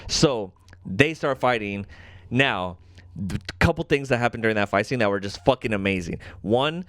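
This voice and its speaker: Brief: young male podcast co-host, hyped and sweary, smooth resonant voice, dead-dry room. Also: lowish voice, normal speed, no room sound. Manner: excited, profane episode recap. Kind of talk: casual chat.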